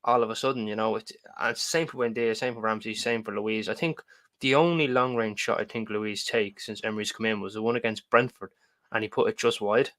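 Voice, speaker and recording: A man co-hosting a football podcast, speaking conversationally. His tone is bright and pressing, and he stammers as he starts his points. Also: on the low side, steady tone, brisk. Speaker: podcast co-host. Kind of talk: casual football podcast chat.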